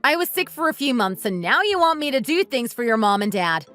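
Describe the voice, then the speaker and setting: A woman plays a bitter wife in a texting-story drama. Her voice sits high and moves a lot as she lays out her grievances bluntly. Faint music runs underneath. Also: sing-song, fairly quick, fairly bright tone. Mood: accusing. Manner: accusing, resentful, blunt. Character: bitter wife divorcing her uncaring husband. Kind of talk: text-message story dramatization.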